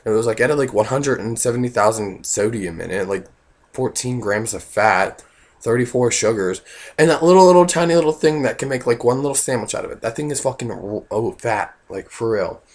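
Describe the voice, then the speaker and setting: Hoarse man rambling through a funny story. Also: lowish voice, brisk. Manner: rambling, full of "like" and "you know", voices in the quotes. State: hoarse, losing his voice. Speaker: vlogger. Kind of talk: casual comic storytelling.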